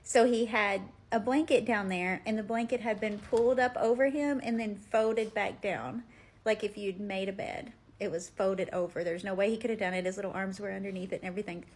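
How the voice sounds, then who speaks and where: Speaking at a brisk pace with a medium-pitched voice, this woman vlogs from home, chatting stories into her phone in a loose, rambling way full of filler words.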